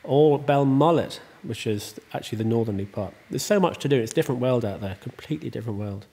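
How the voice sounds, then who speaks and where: An Irish man, the host and estate owner, talks casually in an interview with a fast, husky voice at an ordinary middle pitch. He rambles warmly from point to point, chatty and full of ums, self-corrections and restarts.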